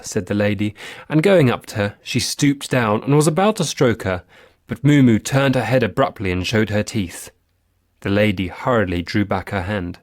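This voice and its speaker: A man reading a classic story aloud as an audiobook narrator, in a measured storytelling way. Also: on the low side, darkish tone, no room sound, clean studio sound.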